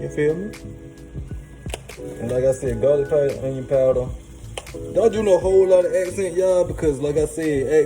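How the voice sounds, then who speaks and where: A man's voice: a little high, dark tone, low-quality recording. A man with a slightly raised voice runs a casual cooking demo in a kitchen. He keeps it hyped and slangy, talking right to his viewers. Music plays steadily in the background. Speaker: cooking show host. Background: music playing.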